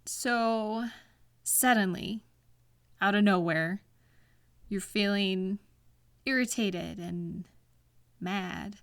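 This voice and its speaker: A woman gently asking a partner what is wrong, in a soft and patient whispered role-play. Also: mid-range voice, slow pace, long pauses, no echo, studio quality. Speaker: ASMR girlfriend role-play performer.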